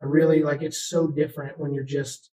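A man's voice: on the high side, flat delivery, brisk, dark tone, rough recording. A man co-hosting a podcast, telling rambling, self-deprecating stories in casual chat. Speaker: podcast co-host.

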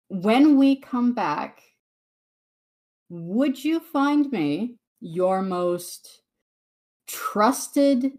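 A woman voicing a courteous male envoy in a tabletop game, speaking in polite, measured, flattering terms. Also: mid-range voice.

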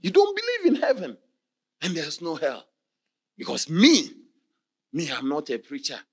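A man preaching a passionate sermon, moving between quiet talk and shouted exclamations. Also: on the high side, huge pitch swings, measured pace, husky.

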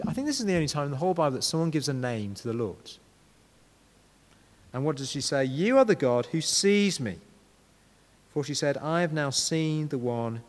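A man preaching a sermon, speaking conversationally and turning to his listeners with frequent rhetorical questions. His voice carries a long hall reverb, as if recorded in a large church. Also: medium pitch.

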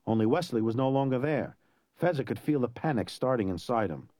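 A man narrating a story in an expressive, dramatic way. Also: mid-range voice, fairly quick, dry recording. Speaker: audiobook narrator.

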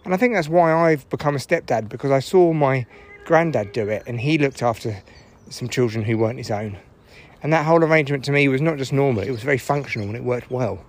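A man's voice: mid-range voice, fast talker. A man hosting a podcast, rambling in a sweary, jokey monologue while out on a walk. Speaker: podcast host. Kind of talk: casual monologue while walking. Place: outdoors on a walk.

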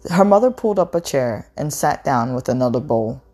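A woman reading a novel aloud in a measured, unhurried way, with an occasional stumble over a word. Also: extremely low pitch, expressive, dark tone, husky, faint music behind.

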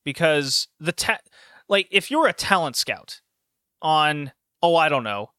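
Male host, casual chat, slightly high voice, quick to laugh, tangents. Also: clean tone, dry recording, clean studio sound. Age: adult with a university degree. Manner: animated, laughs often, rambling asides. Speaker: podcast host reviewing wrestling shows.

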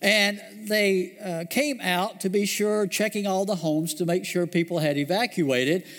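A man preaching a sermon, telling a story and slowing down, dropping low to stress key words. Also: fairly even intonation, fairly bright tone, in a large hall. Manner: storytelling, slows and drops low for emphasis. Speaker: pastor.

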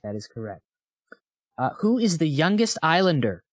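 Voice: medium pitch, very animated, normal speed, no echo, clean studio sound. A podcast host running a quiz on a co-host, in casual chat, playful and teasing.

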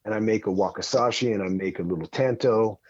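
A man's voice: on the low side, brisk, slightly rough, no echo, lo-fi sound. A man telling a long story in casual podcast chat as a guest, rambling and heavy on swearing. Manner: profane, rambling, animated.

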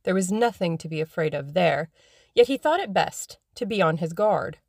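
A woman narrating a classic novel in a measured, even way, as scripted audiobook narration. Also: on the low side, vocal fry, no echo, studio quality.

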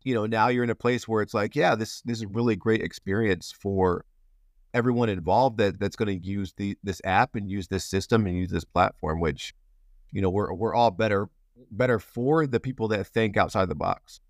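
In a lowish voice at a moderate pace, a man hosts a casual interview for his podcast, playful, rambling, and prone to restarts. The studio-quality sound carries no echo.

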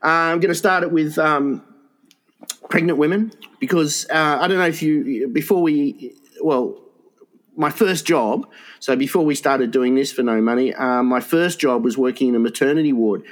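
A man's voice: a little high, moderate pace. A man co-hosting a comedy podcast who trades crude banter, teases his partner and laughs often. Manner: laughs often, teasing interjections. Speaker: podcast co-host.

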